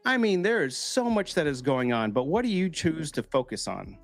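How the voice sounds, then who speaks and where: A man's voice: on the high side, normal speed, gravelly, no room sound, faint music behind. A man hosting a podcast, talking casually and telling stories with swearing and acted-out quoted voices. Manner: animated storyteller who acts out quoted voices and swears freely. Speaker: podcast host. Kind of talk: casual conversational talk.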